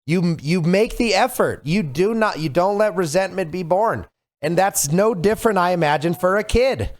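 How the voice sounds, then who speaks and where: A man's voice: high-pitched, lively intonation, normal speed. Earnest man hosting a podcast chat. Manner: earnest, reflective, preachy advice. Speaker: podcast host.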